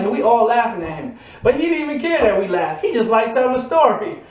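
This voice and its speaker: A man's voice: very high voice, expressive, fast, few pauses. A man preaching a motivational sermon, building to emphatic repeated refrains. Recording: echoey room.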